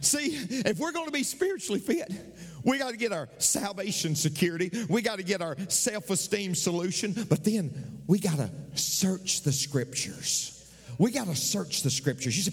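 A middle-aged man preaching a sermon as pastor, swinging from shouts down to whispers. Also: high-pitched, sing-song, normal speed, slightly rough, big-room sound.

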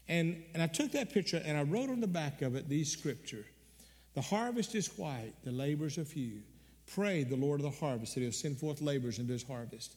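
A man preaching a sermon, telling a personal story earnestly and slowing down on the emotional moments. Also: a little high, a little mellow, big-room sound.

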